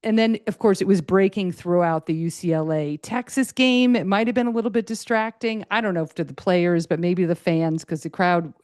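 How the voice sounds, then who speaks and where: A middle-aged woman hosts her own podcast in a chatty, excitable ramble, full of fillers and restarts. Her voice sits low for a woman. The sound is close and dry, with no room around it. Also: a little fast, few pauses, dry recording. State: a little choked up, tired. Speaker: podcast host. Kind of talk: casual solo podcast chat.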